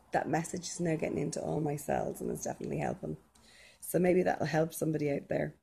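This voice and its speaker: A woman chatting casually to camera outdoors in her garden while she works, unhurried, with lots of ums and a little out of breath. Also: lowish voice, creaky, a little mellow, reverberant. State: slightly out of breath from physical work. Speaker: vlogger.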